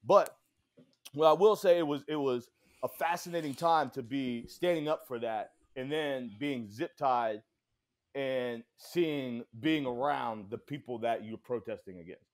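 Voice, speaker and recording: A man, a comedian guesting on a podcast, telling a profane, animated story in casual chat. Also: mid-range voice, unhurried.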